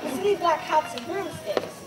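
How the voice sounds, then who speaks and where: A woman's voice: extremely high pitch, lively intonation, a little slow. A woman playing a young boy in an amateur stage play, asking eager questions and crying out in disgust. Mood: curious, squeamish. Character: young curious grandson, squeamish and eager. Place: camp stage, audience hall. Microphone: far camera in the audience. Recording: distant, echoey hall with hiss.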